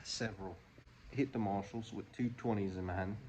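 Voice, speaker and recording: Male comic vlogger, slangy and rambling, lowish voice, light background hiss. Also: steady tone, moderate pace, a little mellow. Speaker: comedy vlogger. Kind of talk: joking monologue to camera.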